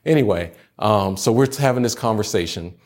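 A man's voice: lowish voice, lively intonation, a little fast, a little mellow. A young adult man, a pastor, giving a chatty, humorous sermon to students by video. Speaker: youth pastor.

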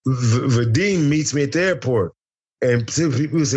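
A man's voice: medium pitch, normal speed, a little mellow, breathy edge, lo-fi sound. A middle-aged American man telling a wild story as an interview guest, boisterous and profane, acting out the dialogue. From United States. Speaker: interview guest, former fighter.

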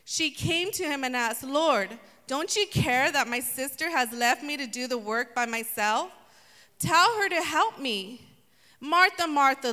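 A woman preaching a lively sermon, playfully acting out voices from the story. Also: high voice. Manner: animated, acts out voices of the story. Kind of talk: sermon with humor. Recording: long hall reverb.

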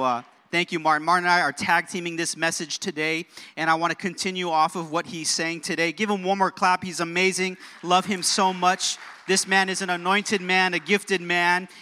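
A man's voice: sits high, pushed and bright. A young man preaching a sermon in a church, leading the congregation in call-and-response with easygoing jokes. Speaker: pastor. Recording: long church hall reverb.

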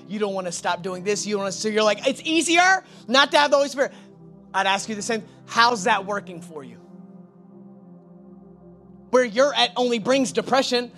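A young man preaching with a high, ringing, bright voice. He swings between loud, urging calls and quiet, intense stretches. Soft music plays faintly behind him. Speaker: pastor. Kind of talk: sermon.

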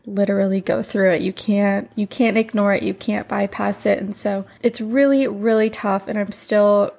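A young woman hosting her own podcast in casual chat, her voice groggy and raspy from the morning, talking candidly with lots of fillers at home. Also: mid-range voice, fairly even intonation, normal speed, a little mellow. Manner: chatty, candid, frequent fillers. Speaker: podcast host and life coach. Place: home room with heater and humidifier running.

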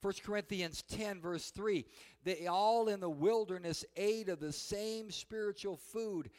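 A man delivers a sermon in a high voice, telling a story with lively energy and sometimes crying out loud. His voice rings through a space with long reverb. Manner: animated storytelling, shouting quoted cries. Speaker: preacher.

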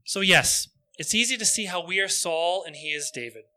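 Male preacher, earnest sermon storytelling, bright and ringing tone. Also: sits high, lively intonation. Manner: earnest, slows down for emphasis.

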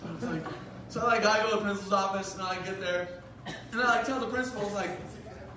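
A young man giving a sermon as a youth pastor, telling a funny school story in an animated way with lots of "like". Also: sits high, fast, noisy background. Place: large hall. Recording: echoey hall, mic at a distance.

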